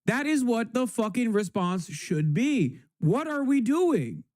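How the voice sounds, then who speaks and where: A man's voice: very high-pitched, very animated, takes it slowly, darkish tone. A man ranting angrily on a live stream, swearing often and emphatic. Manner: angry, profane, emphatic.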